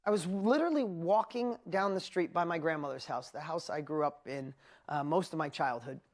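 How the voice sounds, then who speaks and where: A woman's voice: sits low, normal speed. A middle-aged woman with a New York accent giving a motivational seminar talk as a business coach, telling stories and acting out her own inner voice. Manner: animated storytelling with acted-out inner voices.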